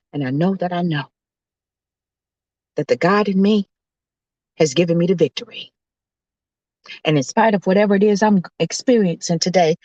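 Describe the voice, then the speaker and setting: A woman host preaching as a self-described coach preacher, emphatic and hollering, her voice swinging high and low. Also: a little mellow, dry recording, poor audio.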